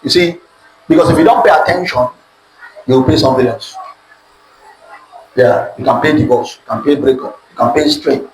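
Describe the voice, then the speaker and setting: A man's voice: medium pitch, moderate pace, pauses often. A man with a Nigerian accent teaching in sermon style, calling on his audience to repeat key words back to him. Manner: call-and-response, asks audience to repeat words. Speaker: preacher teaching on relationships. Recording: echoey room with faint background noise.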